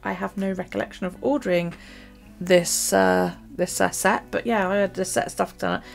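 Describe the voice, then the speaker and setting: A woman chatting casually about her journal and her chores, rambling with many pauses and ums. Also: medium pitch, fairly even intonation, creaky, faint music behind. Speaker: journaling vlogger. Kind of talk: casual chat.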